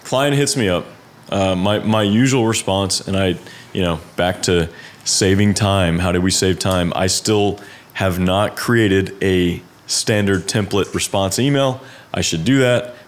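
A young freelance designer talks casually in a conversation, rambling and laid-back, with lots of fillers and side trails. His voice is deep and a little slow.

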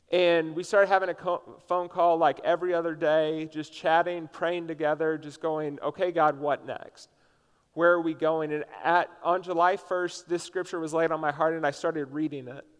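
A pastor from Indiana delivers a sermon that sounds like chatting with friends, full of "like" as he tells his story. His voice sits a little high for a man. A long reverb trails every phrase from the large hall he speaks in. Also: clean tone. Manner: casual storytelling, frequent "like" fillers. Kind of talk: conversational sermon.

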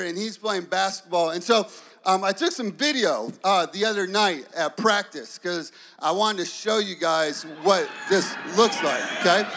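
A man in his thirties preaching a sermon, telling stories in an animated, playful way. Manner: animated storytelling, acts out kids in high voices. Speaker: pastor.

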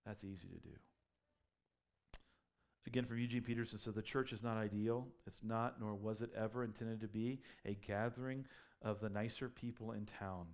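A man's voice: on the low side, fairly even intonation, moderate pace. A man preaching a sermon as a pastor, conversational and full of rhetorical questions, building up to emphatic peaks.

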